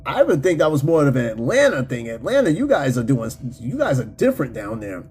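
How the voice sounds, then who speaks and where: Husky New York man, animated and profane. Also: mid-range voice, brisk, few pauses. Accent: New York City. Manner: animated, profane, laughs often. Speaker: host. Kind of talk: casual livestream chat reading viewer comments.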